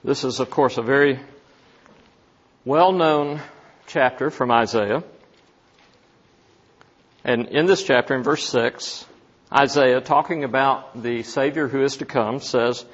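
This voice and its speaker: Slow, deliberate male preacher. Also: mid-range voice, muffled recording. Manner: slow, deliberate, asks the listeners questions. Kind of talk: Bible teaching sermon.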